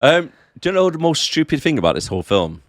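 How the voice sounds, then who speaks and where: A man's voice: a little high, sing-song, fast talker, no echo, studio quality. A man co-hosting a film podcast, laid-back and sarcastic while recapping scenes. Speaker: podcast co-host. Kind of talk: casual film review chat. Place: home office.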